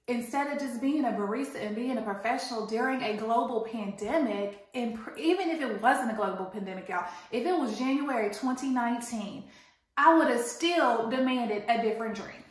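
A woman telling an animated, indignant storytime rant to her viewers. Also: on the high side. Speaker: vlogger. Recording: very echoey room.

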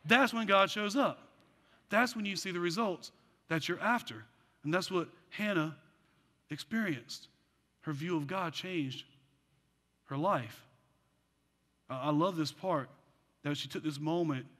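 A man preaching a sermon as pastor, animated with joking asides, then dropping into quiet earnest passages. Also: a little high, measured pace, long pauses. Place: church sanctuary. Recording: long church hall reverb.

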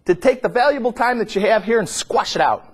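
A middle-aged man preaching a sermon, swinging between loud, high emphatic peaks and low, quiet asides. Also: animated, fairly quick, slightly rough.

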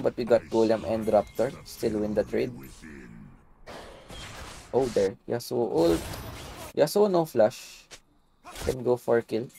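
A man with a Filipino English accent giving live gameplay commentary as a mobile game streamer, talking in short clipped callouts and repeating words in quick bursts. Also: medium pitch, vocal fry, mellow, a little hiss or hum. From Philippines.

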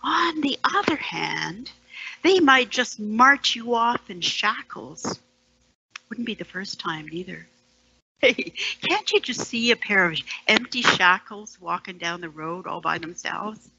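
Slow, sardonic woman poet. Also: mid-range voice, expressive, breathy edge, dry recording, lo-fi sound. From Canada, Ontario. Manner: sardonic, with hushed whispered asides. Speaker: storyteller and poet. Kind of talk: dramatic poetry performance.

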